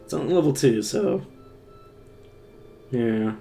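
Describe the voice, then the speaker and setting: A man's voice: mid-range voice, lively intonation, slow pace, mellow, faint music behind. A man streaming a game live, thinking aloud in a rambling, self-mocking way. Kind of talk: casual live-stream gameplay commentary.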